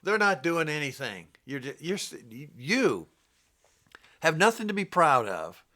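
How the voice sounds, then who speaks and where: A man's voice: fairly high pitch, big pitch swings, unhurried, background noise. An older man giving an informal, rambling Bible teaching in a blunt, scolding way. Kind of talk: informal preaching monologue.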